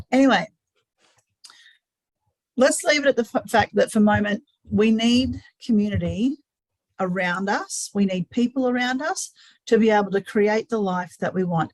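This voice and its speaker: A woman's voice: medium pitch, darkish tone, no echo, rough recording. A woman hosting a live webinar, talking earnestly and often repeating words as she thinks aloud. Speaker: webinar host. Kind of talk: live-streamed webinar talk.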